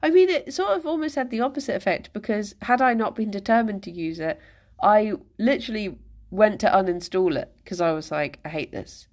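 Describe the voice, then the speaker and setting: A woman's voice: mid-range voice, expressive, a little fast, a little mellow. A woman live streamer chatting casually with her viewers, rambling and self-deprecating, chuckling as she goes.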